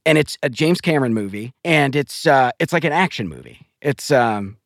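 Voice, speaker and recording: Man, podcast co-host, casual chat, teasing, animated pitch, dry recording. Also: moderate pace, no room sound. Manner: teasing, playful.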